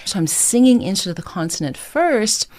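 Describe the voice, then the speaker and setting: A woman's voice: medium pitch, sing-song, moderate pace, darkish tone. A middle-aged woman teaching singing, explaining step by step with an encouraging tone. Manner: encouraging, explains step by step, sings short phrases as demonstrations. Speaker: voice coach. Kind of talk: singing tutorial, talking to camera.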